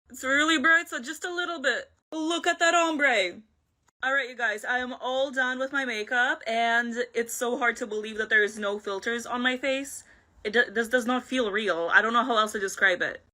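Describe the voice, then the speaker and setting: A woman vlogger chatting excitedly through a makeup tutorial, laughing often. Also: a little high, moderate pace. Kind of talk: casual makeup tutorial vlog.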